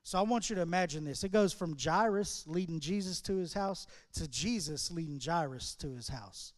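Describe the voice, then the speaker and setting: A man with a high, bright speaking voice preaches to a gathering, telling the story in casual street slang. His voice carries a long reverb from a church hall. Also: normal speed. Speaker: guest speaker at a recovery ministry. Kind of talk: sermon.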